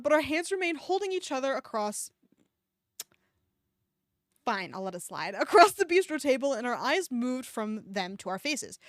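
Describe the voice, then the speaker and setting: A woman's voice: high voice, no echo, clean studio sound. A woman streamer reading a fan fiction aloud, breaking off to mock it with sarcastic, swearing asides. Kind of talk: comedic dramatic reading with commentary.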